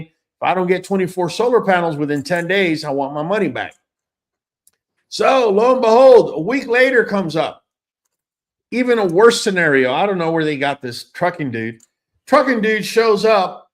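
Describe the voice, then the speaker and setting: A man with a notably high-pitched voice tells a story in a loose, casual way. He is animated and emphatic, blunt in his opinions and quick to curse.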